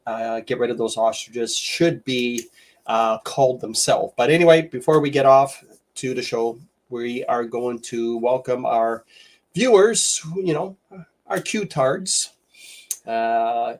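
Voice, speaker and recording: A man from Canada hosting a casual livestream, rambling with lots of fillers as he greets viewers by name. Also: mid-range voice. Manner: rambling, filler-heavy, reads viewer names off a list. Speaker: livestream host.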